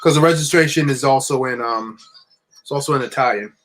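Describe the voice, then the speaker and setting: A young man from New Jersey telling a long, rambling, animated story while building with bricks. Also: mid-range voice, fairly quick, a little hiss or hum. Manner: rambling, animated anecdote with many restarts. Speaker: LEGO builder streaming.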